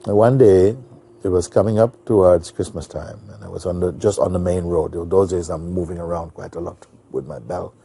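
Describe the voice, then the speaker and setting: A man who is a spiritual teacher, recounting a personal story in an unhurried, anecdotal way, full of "you know.". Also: low-pitched, steady tone, vocal fry, warm tone, slightly rough.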